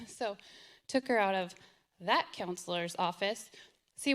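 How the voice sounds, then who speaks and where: A middle-aged woman giving an earnest, emotional personal testimony as a parent, often repeating herself. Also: mid-range voice. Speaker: parent telling her story.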